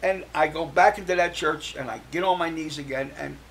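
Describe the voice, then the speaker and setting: A man's voice: a little high, brisk, vocal fry, a little hiss or hum, poor audio. An older man, a guest on a talk show, telling his personal story and acting out the voices of the people he quotes.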